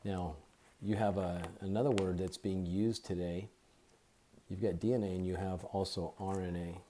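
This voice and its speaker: A man giving an informal Bible teaching into his phone, deliberately repeating and spelling out key words. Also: sits low, steady tone, mellow, slight background noise.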